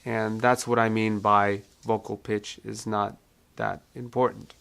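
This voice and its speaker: A male vocal coach giving a calm, reassuring singing lesson and walking beginners through vocal exercises. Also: on the low side, measured pace, creaky, clean tone. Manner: calm, reassuring teaching with repeated phrases.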